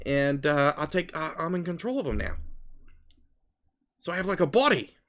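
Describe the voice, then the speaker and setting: An eager hive mind that has just taken over a fungus body, as a man plays it at the table. He rambles through his thoughts with plenty of fillers, and his pitch swings all over the place. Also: sing-song, normal speed, fairly bright tone. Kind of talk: tabletop role-play.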